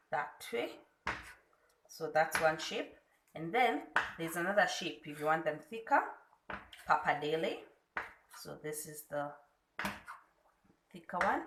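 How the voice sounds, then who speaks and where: Unhurried Kenyan woman teaching in a kitchen. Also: low-pitched, a bit bright, roomy sound, slight background noise, rough recording. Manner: unhurried, demonstrating step by step. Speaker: food blogger. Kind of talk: cooking tutorial. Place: home kitchen.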